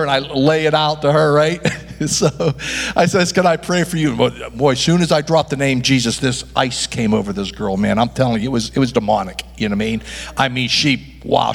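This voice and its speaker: A man's voice: medium pitch, in a large hall. A male pastor preaching a sermon, emphatic, tossing rhetorical questions at the congregation.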